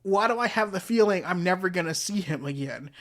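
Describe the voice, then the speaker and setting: A man voicing an emotional teenage girl, pleading in a raised high voice. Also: animated, brisk, fairly bright tone. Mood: anxious.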